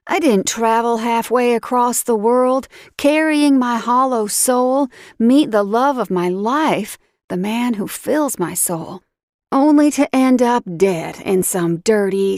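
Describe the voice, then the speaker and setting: A woman narrating a first-person romance audiobook in an unhurried, dramatic storytelling voice. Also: medium pitch, vocal fry, darkish tone, no room sound, studio quality.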